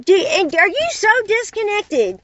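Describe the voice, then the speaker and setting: A woman's voice: very high voice, very animated, a little slow, fairly bright tone, no room sound, lo-fi sound. A woman delivering an impassioned, exasperated monologue full of rhetorical questions. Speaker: caller addressing unseen listeners.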